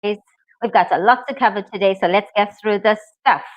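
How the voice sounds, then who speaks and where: A woman's voice: medium pitch, moderate pace. A woman teaching a live online English exam lesson, upbeat and encouraging as she talks to her viewers. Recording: dull lo-fi stream audio.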